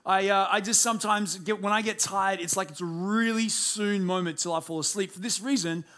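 High-voiced animated pastor. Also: male voice, brisk. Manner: animated storytelling with humor. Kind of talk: sermon.

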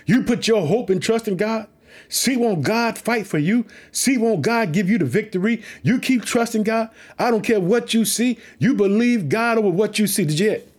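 A man preaching with excitement, reading a Bible story aloud and repeatedly urging listeners to trust God. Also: high voice, moderate pace.

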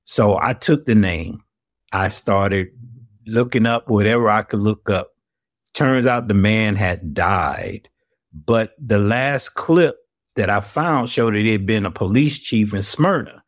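A man telling a story in an interview, animated and acting out the people he quotes. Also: fairly low pitch, slow pace, no echo, studio quality. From Atlanta, US South. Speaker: investigative reporter, guest.

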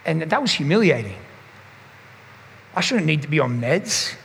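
A man's voice: on the high side, sing-song, moderate pace, gravelly, fairly bright tone, slight background noise. A man, a pastor preaching a sermon and telling a personal story candidly, often restarting his sentences. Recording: long hall reverb.

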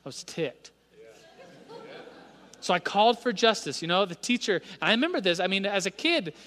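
Bright-voiced man preaching a sermon. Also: high voice. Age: 30s. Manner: storytelling, conversational, animated. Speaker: pastor. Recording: reverberant church hall.

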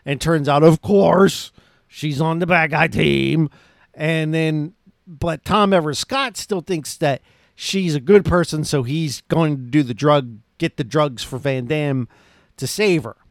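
A man's voice: fairly high pitch, a little slow, creaky, dry recording, clean studio sound. Rambling, upbeat male movie podcaster. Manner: rambling, enthusiastic, lots of "like" and restarts. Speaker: podcast host reviewing a movie. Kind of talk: casual movie recap.

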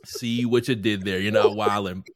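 A man co-hosting a podcast in casual chat, animated and joking, laughing often. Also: lowish voice, normal speed. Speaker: podcast co-host.

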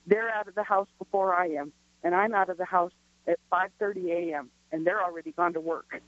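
A woman's voice: lowish voice, fairly even intonation, brisk, a bit bright, dry recording. A woman calling into a radio show, indignant and emphatic, emotional to the point of tears. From US border region. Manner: indignant, emphatic, rhetorical questions. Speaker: caller. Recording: dull phone line sound, dry.

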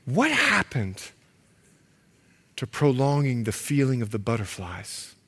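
A man preaching a sermon to a congregation, joking, acting out the lines he quotes, and sometimes shouting. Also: mid-range voice, takes it slowly, vocal fry, husky. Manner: animated, jokey, acts out quotes.

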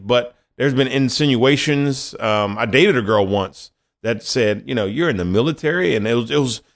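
A man's voice: medium pitch, fairly bright tone. A young adult man preaching a conversational sermon and reading scripture, acting out quoted voices as he goes.

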